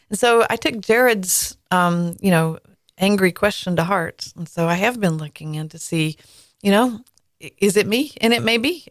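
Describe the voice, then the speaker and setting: A woman's voice: fairly low pitch, no echo, studio quality. A woman in her forties hosting a podcast, chatting candidly and telling personal stories with frequent fillers. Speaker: podcast host. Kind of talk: casual conversation.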